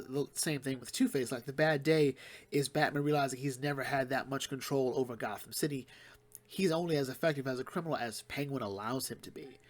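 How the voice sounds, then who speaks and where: A man talks through a comic book review in a loose, unscripted way. His voice sits at an ordinary middle pitch. He rambles, restarts sentences and hurries through plot summaries. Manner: rambling, retells plots quickly with fillers and restarts. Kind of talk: casual solo commentary.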